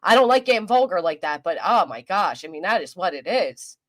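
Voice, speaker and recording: A woman's voice: lowish voice, big pitch swings, fairly quick, a bit bright. A woman doing rambling livestream commentary, crude and mocking in a vulgar rant, often restarting her sentences. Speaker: commentary streamer. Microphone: desk microphone.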